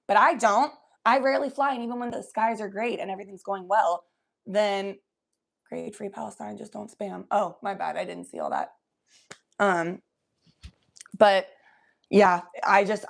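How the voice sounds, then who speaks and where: A young woman hosting a casual livestream from her room at home, talking loosely, high and coughing from smoke. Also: gravelly. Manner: loose, chatty, often coughing between lines. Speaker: livestream host. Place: home bedroom.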